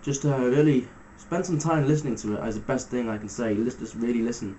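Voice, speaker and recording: A man giving a casual step-by-step guitar lesson, talking through fret numbers in a relaxed way with fillers. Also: medium pitch, brisk, slight background noise, poor audio. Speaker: guitar teacher. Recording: loud guitar music under the voice. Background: electric guitar playing between phrases.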